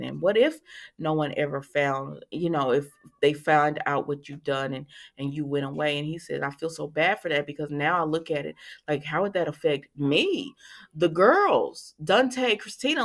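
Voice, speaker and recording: A chatty woman recapping a soap opera, slipping into the characters' lines and reacting loudly to twists. Her voice sits a little low for a woman, and she talks in a loose, conversational way. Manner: chatty, retells scenes acting out the lines with lively reactions. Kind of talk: casual chat.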